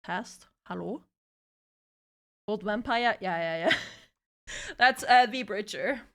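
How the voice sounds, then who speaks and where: A woman's voice: medium pitch, takes it slowly, fairly bright tone. A woman live streamer chatting casually, flustered and swearing as she troubleshoots her setup.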